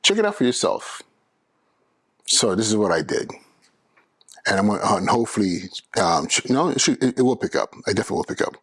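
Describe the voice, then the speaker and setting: A man's voice: fairly low pitch, fast talker, breathy edge, dry recording. A man hosting his own podcast as an educator, talking earnestly and persuasively with frequent restarts. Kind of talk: solo podcast talk.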